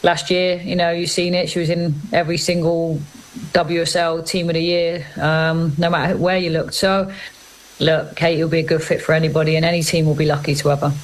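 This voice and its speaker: A woman football manager speaks in a flat, matter-of-fact way, with very little rise and fall in her voice. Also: sits low, brisk, low-quality recording. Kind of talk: news clip interview.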